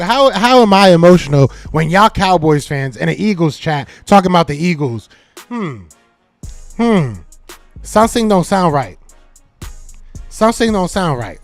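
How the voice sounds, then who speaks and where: A podcast host with a high-sitting voice and no echo runs a sports talk live stream. He's animated, talking back to his chat and repeating teasing jabs several times over.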